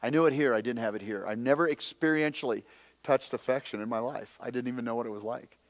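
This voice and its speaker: A man teaching in a preaching style, impassioned, swinging between loud emphasis and hushed, confessional storytelling. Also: mid-range voice, quick pace, long reverb tail. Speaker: instructor.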